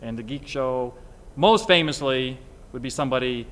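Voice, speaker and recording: A man hosting a casual group chat, explaining word origins from his notes in a measured, lecturing way. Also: mid-range voice, a bit bright, big-room sound. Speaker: podcast host.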